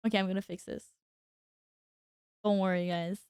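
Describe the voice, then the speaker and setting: A woman's voice: medium pitch, flat delivery, normal speed, a little mellow, smooth, dry recording, studio quality. A woman streaming a game, chatting casually with her viewers while she fixes her audio. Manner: flustered, talks to chat while fixing audio. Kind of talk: casual live-stream chat.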